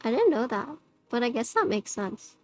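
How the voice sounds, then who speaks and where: Woman streamer, higher voice, casual chat with viewers, lots of "like" fillers, slightly robotic noise filter, soft music behind. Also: very animated, normal speed. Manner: chatty, many "like" fillers. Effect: slightly robotic noise-suppression filter. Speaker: livestreamer.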